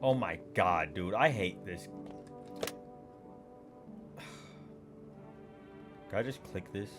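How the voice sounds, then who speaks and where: A young man giving excitable let's play commentary, swinging between yelling and mumbling. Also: deep voice, takes it slowly, over loud music. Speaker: gaming YouTuber.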